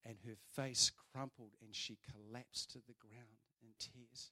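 A man over forty, preaching a sermon and telling a story with big swings between loud and soft. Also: mid-range voice, steady tone, unhurried, hardly any pauses.

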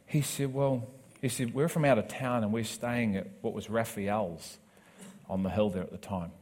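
A male preacher tells a personal testimony in a sermon. He swings from quiet, close narration to loud, emphatic declarations, acting out the voices of the people in his story. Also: fairly low pitch, normal speed. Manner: animated storytelling with acted quotes, rising to loud emphatic preaching.

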